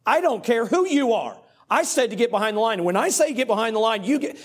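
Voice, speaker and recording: A man voicing an irate, bossy woman race official who scolds in a loud, high voice. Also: lively intonation, fast.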